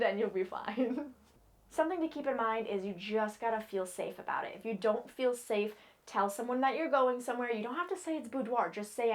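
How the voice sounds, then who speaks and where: A woman's voice: on the high side, normal speed. A young woman from New England giving casual, frank advice to camera, chatty and playful with lots of fillers. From New England, United States. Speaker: model and vlogger.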